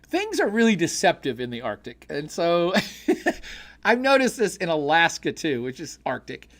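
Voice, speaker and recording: A middle-aged man hosting a casual podcast livestream, reading viewer comments and joking, swinging between loud excitement and low mutters. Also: normal speed. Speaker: podcast host reading live chat.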